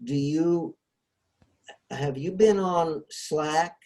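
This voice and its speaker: A man's voice: on the high side, very slow, darkish tone. A man hosting a casual discussion over a video call, explaining ideas with frequent hesitations. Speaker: host.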